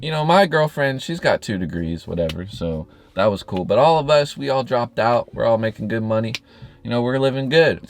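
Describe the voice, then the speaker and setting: A young man, a YouTuber, telling a story in a casual storytime vlog, animated and profane, with his pitch jumping up and down. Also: normal speed.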